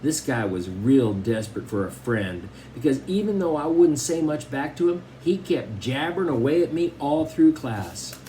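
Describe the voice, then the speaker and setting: A man narrating a children's novel in the first person, in a conversational, expressive way. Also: medium pitch, normal speed, hardly any pauses, slight background noise, poor audio. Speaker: audiobook narrator.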